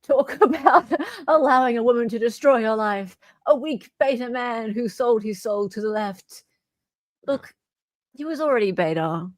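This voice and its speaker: In a dry, studio-quality recording, a woman with a slightly high, darkish voice and lively intonation talks at normal speed. As a podcast host she riffs on the news bluntly and mockingly, laughing often.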